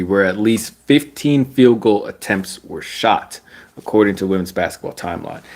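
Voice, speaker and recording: A young man giving casual, slangy basketball commentary. He rants, laughs often and mocks other people with sudden high-pitched voices. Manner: animated, laughing, slangy, mocking voices with big pitch jumps.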